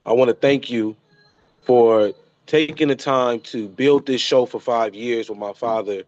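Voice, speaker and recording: A man in his thirties speaks an emotional tribute to his father, stumbling over and repeating his phrases. His voice sits at an ordinary middle pitch. The sound is dry and a little muffled. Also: a little mellow, no room sound. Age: 30s. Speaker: son paying tribute. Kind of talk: heartfelt spoken tribute.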